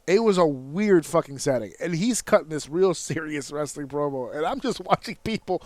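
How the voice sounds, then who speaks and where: A man's voice: high-pitched, no room sound. A man hosting a podcast, telling stories in a casual, profane way with mock outrage. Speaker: podcast host. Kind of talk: casual wrestling chat.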